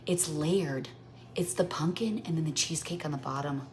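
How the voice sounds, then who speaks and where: A woman's voice: low voice, moderate pace, background noise. A woman in her forties hosting a casual baking livestream from her home kitchen, playful and tripping over tongue twisters as she chats. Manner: playful, stumbling through tongue twisters and jingles.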